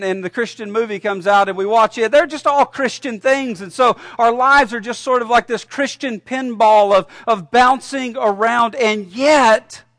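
A man preaching a sermon as a pastor, animated, telling a story and shouting punchlines. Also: high-pitched, dry recording, studio quality. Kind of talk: sermon with a joke told.

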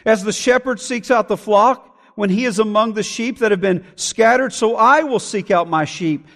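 A man preaching a sermon, switching between emphatic declarations and quiet asides. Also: high voice, long reverb tail. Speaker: pastor.

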